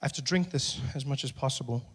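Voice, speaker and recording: A man performing stand-up comedy, swinging between a hushed, soft voice and loud, lively bursts. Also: mid-range voice, fast talker, breathy edge. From South Africa. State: recovering from voice loss.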